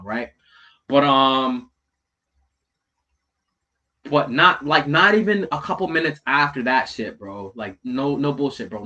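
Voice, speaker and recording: A man casually telling a story, swearing a lot, tagging lines with "right?" and "bro", rising loud in the heated parts and dropping low in the asides. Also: highs cut off. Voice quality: heavy swearing, slangy, repeats "right?" and "bro". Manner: animated, swings from loud retelling to low mutters.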